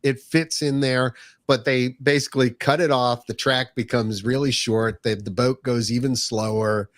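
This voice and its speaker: Man co-host, relaxed, stop-start delivery, dry close sound, middle pitch. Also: dry recording. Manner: relaxed, halting, many restarts. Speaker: podcast co-host. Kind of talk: casual chat.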